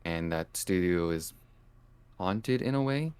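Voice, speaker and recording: A man from Canada, a guest on a livestream, speaking calmly and hesitantly with many pauses and fillers. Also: low-pitched, clear, resonant tone, dry recording. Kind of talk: casual interview chat.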